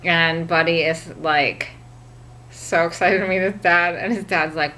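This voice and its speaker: A woman's voice: lowish voice, fairly even intonation, measured pace, bright, forceful tone. A woman casually retelling a film from memory, rambling with frequent fillers and laughs. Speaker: vlogger.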